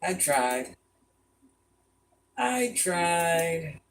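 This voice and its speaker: An older woman with a deep, gravelly voice, chatting bluntly with her live-stream viewers from a room in her home and calling them baby and hon. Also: sing-song, drawn-out words, slight background noise. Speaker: vlogger reading live chat. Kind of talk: casual live-stream chat.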